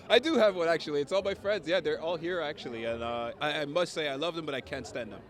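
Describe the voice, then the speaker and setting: A man's voice: on the high side, fast talker. A man at an outdoor red carpet premiere, laid-back and laughing as he teases. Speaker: cast member. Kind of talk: casual red carpet chat. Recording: loud crowd behind.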